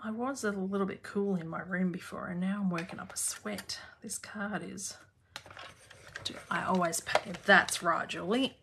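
A woman's voice: mid-range voice, moderate pace, gravelly, background noise. An Australian woman hosting a live craft class from her home craft room, chatting casually and laughing while she works. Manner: chatty, laughs often, talks while working.

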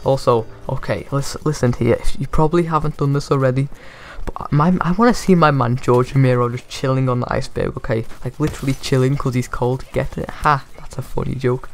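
A man's voice: mid-range voice, steady tone, fairly quick, few pauses, a little hiss or hum. A young man giving jokey, rambling commentary on a video game reveal as a gaming YouTuber.

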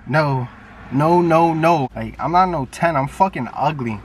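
Young new guy on a phone video chat, brash and cussing a lot, kinda high voice, sounds far from the mic. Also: a little slow. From New York. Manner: brash, profane, teasing. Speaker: YouTuber. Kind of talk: casual video chat with strangers. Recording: distant phone mic, faint background noise.

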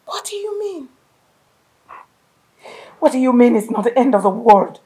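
A woman's voice: a little high, very animated, measured pace, dark tone, rough recording. An actress with a Nigerian accent playing a crying mother whose daughter has been taken, swinging between whispers and outbursts. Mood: grief-stricken.

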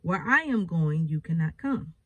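A woman is preaching, reading Bible verses aloud and then explaining them with emphatic repetition. Her voice is husky and animated, swinging high and low. The sound is dry and close. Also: moderate pace, no room sound, highs cut off.

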